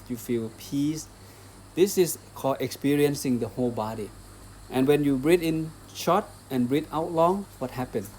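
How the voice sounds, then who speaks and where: A male Buddhist monk teaches meditation in a mellow, darkish voice at an ordinary pitch. He goes through each step patiently, repeats himself, and keeps turning to his listeners with small questions. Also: slight background noise. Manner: patient, repetitive, asks the listener rhetorical questions and checks in with "okay?".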